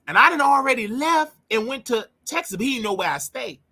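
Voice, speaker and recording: A man hosting his show, telling a personal story in an emotional, animated way and often repeating himself. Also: very high-pitched, a little fast. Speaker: show host.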